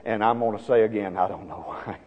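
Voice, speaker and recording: A man preaching a sermon, swinging from hushed, slow phrases to loud, emphatic ones. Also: on the low side. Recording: dull sound with long reverb.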